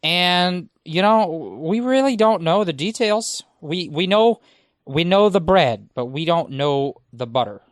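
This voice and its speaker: Slightly high-voiced male podcast guest. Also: no echo, clean studio sound. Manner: deadpan joking, halting restarts. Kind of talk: casual podcast chat.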